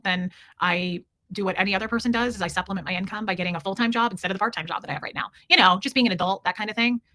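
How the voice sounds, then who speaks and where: A woman's voice: mid-range voice, sharp tone. A woman hosting a casual livestream, answering chat in a blunt, indignant way with repeated emphasis. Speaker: livestream host reading chat.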